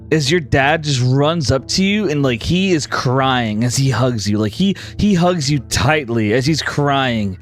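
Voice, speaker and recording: Dude gm narrating the scene, chill, lots of "like" and restarts. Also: male voice, medium pitch, animated, measured pace, few pauses, soft background music. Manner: casual, filler-heavy narration. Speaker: game master. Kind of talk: narrating a tabletop game.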